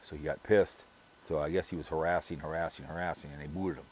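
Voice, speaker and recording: A man's voice: extremely low pitch, steady tone, fast, a little mellow, slight background noise. A middle-aged man from Minnesota talking to his viewers in a rambling, gossipy way, full of restarts and repeated words. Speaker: vlogger. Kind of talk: casual rambling monologue.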